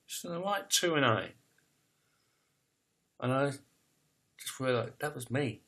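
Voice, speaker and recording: Raw, halting man in his fifties. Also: medium pitch, expressive, a bit bright. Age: 50s. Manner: raw and emotional, with halting restarts and swearing. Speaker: poet telling his life story. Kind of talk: personal spoken confession.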